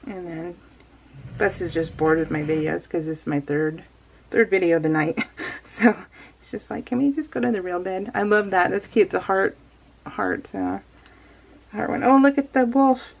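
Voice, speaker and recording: A woman's voice: on the low side, normal speed, gravelly, pauses often, slightly rough. A woman vlogger chatting casually and laughing at herself as she unboxes a craft kit. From California. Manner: chatty, giggly, talks to herself.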